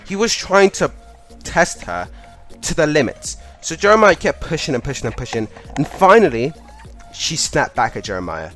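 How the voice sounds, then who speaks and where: A man's voice: mid-range voice, big pitch swings, brisk, fairly bright tone, soft background music. A young man casually telling a funny school story, laughing as he goes. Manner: chatty, laughing, lots of "like".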